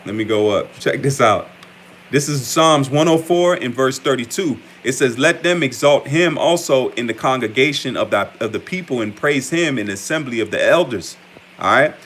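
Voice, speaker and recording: A man's voice: medium pitch, a bit bright, breathy edge. An American man preaching informally, reading scripture aloud and talking in a loose, conversational way, often restarting words and tagging sentences with "man". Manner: conversational, repeatedly says "man", frequent stammers and restarts. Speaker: preacher giving an online update.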